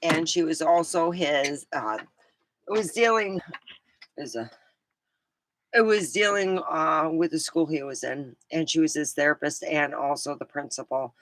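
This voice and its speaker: A middle-aged woman vlogging in a rambling, casual chat, scattered and quick to laugh. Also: deep voice, fairly bright tone, no echo. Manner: chatty, scattered, laughs a lot.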